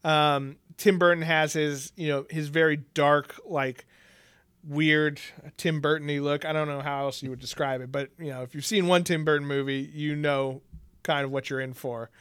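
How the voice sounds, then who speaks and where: Podcast co-host, male, smooth clear voice, slightly raised pitch, dry close sound, casual and chatty with frequent laughs. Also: steady tone, normal speed, a bit bright, no echo. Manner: laughs often, swears casually, rambling with fillers. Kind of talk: casual chat about movies.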